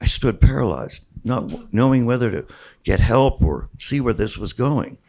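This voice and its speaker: Reading his memoir aloud at a bookstore, the author, a man in his sixties, tells it wryly as a story and makes small restarts. His mid-range voice is animated, creaky and darkish in tone at a normal pace, and the recording is low quality.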